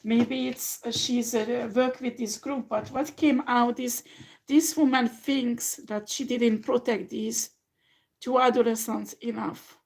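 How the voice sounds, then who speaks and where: A woman's voice: on the high side, fairly even intonation, slow pace, vocal fry, darkish tone, low-quality recording. A woman giving a tarot reading, speaking emphatically and directly to the person she reads for, now and then swearing. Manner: emphatic, talks straight to the viewer, swears. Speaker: tarot reader.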